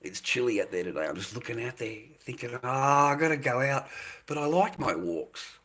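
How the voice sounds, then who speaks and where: An older man chats to his livestream audience, rambling and circling back on his own words. His voice is husky, and he drifts between loud bursts and low mutters. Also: expressive, moderate pace. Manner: rambling, repeats himself, calls viewers mate and boys.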